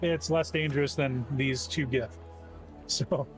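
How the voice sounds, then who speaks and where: A man taking part as a player in a tabletop game, thinking aloud with plenty of pauses and fillers. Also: medium pitch, steady tone, faint music behind. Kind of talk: tabletop role-play.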